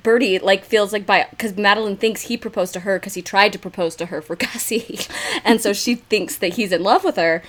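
A woman in an easygoing book discussion, her voice mid-pitched and ordinary. She thinks aloud with small restarts and breaks into laughs often. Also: a bit bright. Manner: thoughtful, hesitant, laughs often. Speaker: book club member. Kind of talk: casual book chat.

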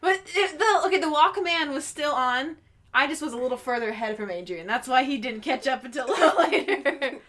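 A young woman co-hosting a podcast, chatting casually with lots of fillers and quick laughs. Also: high voice, expressive, fairly bright tone. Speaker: podcast co-host. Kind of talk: casual chat.

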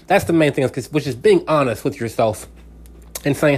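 A man's voice: mid-range voice, brisk, breathy edge. A man hosting his own talk show, speaking earnestly and directly to the listener in a casual, rambling way with many restarts. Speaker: radio show host.

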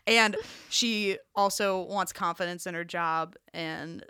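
A woman's voice: takes it slowly, clear, resonant tone, no room sound, clean studio sound. A young woman co-hosting a casual chat, giggling often and acting out quotes. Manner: giggly, animated, acts out quotes in high voices. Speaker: podcast co-host.

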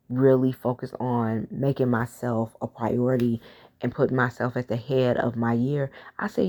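Low gravelly woman musing on her plans. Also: warm tone. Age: adult, has a daughter. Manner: reflective, conversational, many fillers and restarts. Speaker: podcast host. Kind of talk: casual solo podcast talk.

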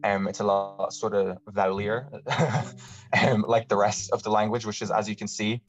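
An Irish man talking as a podcast guest in a lively, casual way, often restarting his sentences. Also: fairly low pitch. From Ireland. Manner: animated, talks fast with many restarts. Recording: dull lo-fi audio with faint music.

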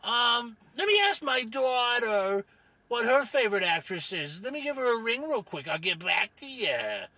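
Picture a high, lively voice belonging to a muddled, eager dad as a man puts him on, rambling cheerfully through his answers. The sound is bright and bone-dry, with no room around it. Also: normal speed, no echo, full character voice. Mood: confused, eager. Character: dim-witted doting dad panelist, rambling. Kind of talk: improvised comedy character.

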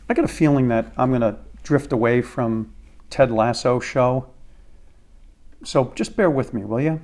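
A man's voice: medium pitch, a little mellow. An American man hosting a podcast, delivering a crude, sarcastic comedic rant. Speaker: podcast host.

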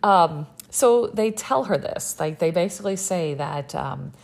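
Young woman, low and gravelly, sarcastic chatty recap host. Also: expressive, unhurried, darkish tone. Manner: chatty and sarcastic, many fillers. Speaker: podcast host recapping a reality show. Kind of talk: casual chat.

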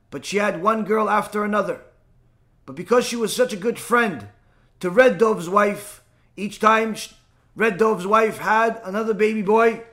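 A man's voice: high-pitched, pushed and bright. A man voicing the ghost of a dead midwife, a tormented, pleading woman confessing an old wrong, barely altering his own voice.

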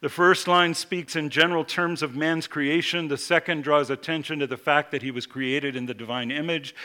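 Bright-voiced man preaching a measured sermon. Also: a little high, fairly even intonation. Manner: measured, slows for scripture quotes, builds emphasis.

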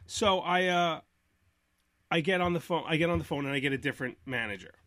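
Animated storytelling podcast man. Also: on the high side, fairly quick, no echo, studio quality. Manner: animated, acts out both sides of phone calls. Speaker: podcast host. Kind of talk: casual storytelling chat.

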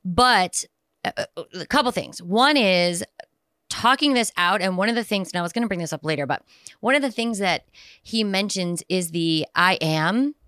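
A woman's voice: mid-range voice, moderate pace, fairly bright tone, smooth, dry recording, clean studio sound. A woman co-hosting a podcast in casual chat, rambling and jokey, sometimes slipping into silly voices. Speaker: podcast co-host.

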